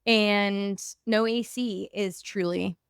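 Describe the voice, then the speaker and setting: A woman's voice: mid-range voice, steady tone, takes it slowly, creaky, clear, resonant tone, dry recording, clean studio sound. A young woman hosting a podcast, chatting casually in a bubbly, gushing way and saying "like" often. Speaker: podcast host.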